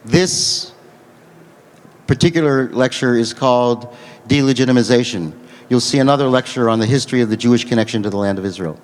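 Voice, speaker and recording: Man lecturing in an echoing hall. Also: mid-range voice. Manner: explanatory, measured. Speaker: lecturer taking audience questions. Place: large conference hall. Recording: long hall reverb.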